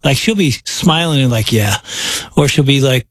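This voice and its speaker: A man hosting an interview, speaking in a measured, reflective way. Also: medium pitch, dry recording, clean studio sound. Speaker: host. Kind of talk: interview host.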